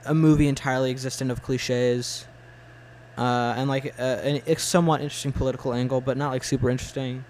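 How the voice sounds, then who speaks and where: A young man in his twenties talks casually at a middle pitch, stopping and restarting often with a stream of "like" and "uh". He gives his opinions bluntly, and there is a faint hiss of noise behind him. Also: flat delivery, darkish tone, low-quality recording. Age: 20s. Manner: halting, full of "like" and "uh", blunt opinions. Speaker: film fan in conversation. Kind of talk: casual chat.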